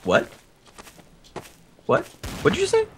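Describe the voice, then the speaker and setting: A man's voice: very high voice, huge pitch swings, slow, fairly bright tone. A man chatting casually with friends during a game, laughing often and swearing. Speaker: gamer playing with friends. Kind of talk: casual voice chat during gameplay. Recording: noisy mic with clicks.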